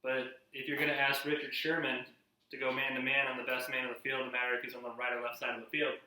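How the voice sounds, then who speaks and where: A man's voice: mid-range voice, little pitch movement, fast, pushed and bright, far from the mic. Rambling man in an echoey kitchen. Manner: rambling, filler-heavy, restarts often. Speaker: host. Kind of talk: casual cooking vlog with sports talk. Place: home kitchen. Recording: echoey room, a bit off-mic.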